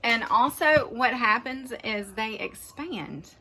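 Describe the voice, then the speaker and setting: A woman's voice: fairly high pitch, expressive, takes it slowly, sharp tone. Chatty woman cooking at home. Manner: chatty, folksy, jokes with herself. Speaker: home cooking video host. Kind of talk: casual cooking vlog chat. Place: home kitchen at the stove. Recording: noisy kitchen with frying sizzle. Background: frying and sizzling food.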